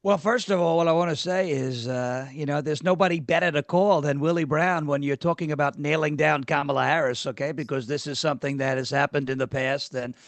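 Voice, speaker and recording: Man impersonating a boastful older politician: high-ish, dry, rambling superlatives. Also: steady tone, a little fast, hardly any pauses, no room sound, natural voice. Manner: meandering, self-praising, full of superlatives. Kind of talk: comic impression in a mock debate.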